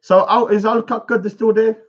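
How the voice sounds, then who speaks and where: This time the bungalow vlogger's voice is high, with fairly even intonation and a moderate pace. He mocks rivals and swears throughout his casual rant, captured in a dull, lo-fi recording.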